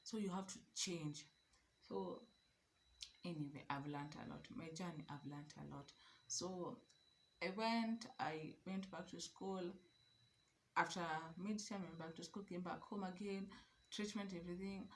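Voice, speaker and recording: A young Kenyan woman telling her own story to camera in an animated, emphatic way, slipping Swahili phrases into her speech. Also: fairly low pitch, normal speed, pauses often, slight background noise. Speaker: vlogger.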